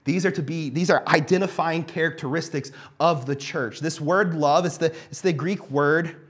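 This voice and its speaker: A young man gives a sermon in a fairly high voice, relaxed and conversational. He talks like he is chatting with friends, with lots of fillers, and grows animated as his stories build. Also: normal speed. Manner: animated storytelling with casual fillers. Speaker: pastor.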